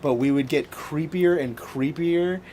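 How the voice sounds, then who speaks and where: A man from French Canada, an animated storyteller chatting casually over a let's-play. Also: a little high, a little slow, slight background noise. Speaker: gaming commentator.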